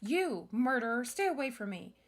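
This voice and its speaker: A woman's voice: on the high side, moderate pace, natural voice. A woman voicing a grieving young woman who lost her father and turns hostile, then pleading. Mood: tense.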